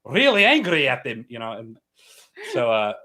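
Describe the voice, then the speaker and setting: A man's voice: medium pitch, huge pitch swings, moderate pace, pushed and bright. Talkative American man hosting a livestream. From United States. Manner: chatty, explains at length with many fillers and restarts. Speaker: livestream host. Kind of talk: casual livestream chat.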